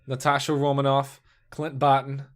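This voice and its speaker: A man's voice: mid-range voice, completely flat delivery, normal speed. A man co-hosting a casual movie podcast, joking and arguing playfully. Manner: joking, argumentative, laughs often. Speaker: podcast co-host. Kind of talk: casual chat.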